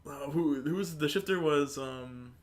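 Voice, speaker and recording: A man co-hosting a podcast in casual chat, retelling scenes in an animated way. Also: a little high, unhurried. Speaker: podcast co-host.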